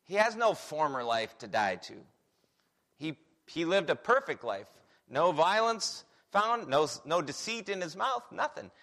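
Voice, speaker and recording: A man preaching a sermon on a Bible passage, animated and full of rhetorical questions. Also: fairly high pitch, unhurried.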